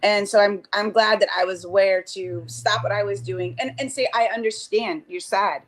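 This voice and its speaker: Brief: woman guest, casual rambling talk, mid pitch, lots of restarts. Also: fairly even intonation, normal speed. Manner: rambling, with many restarts and acted-out quotes. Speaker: mother discussing cardology. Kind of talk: casual chat. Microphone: remote call.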